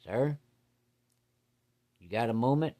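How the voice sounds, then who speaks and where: A man's voice: mid-range voice, lively intonation, slow pace, warm tone, pitched above the performer's own voice. A man voicing a nervous, polite young suitor. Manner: deferential, hesitant.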